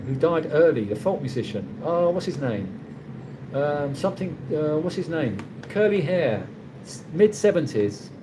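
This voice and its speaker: A slightly high male voice rises over a noisy background. The speaker is a middle-aged livestream host from London, England, who has a London accent and chats casually, reads viewer comments, and rambles, often restarting.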